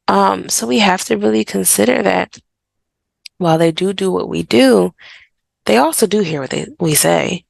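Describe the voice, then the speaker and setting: A woman therapist speaks in a casual, direct way, offering parenting advice as she talks. Her voice has a heavy, gravelly fry. The recording is dry and close, with no room sound. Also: mid-range voice, moderate pace, dry recording. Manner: direct and conversational, slipping into quoted voices. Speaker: therapist and podcast host; mother.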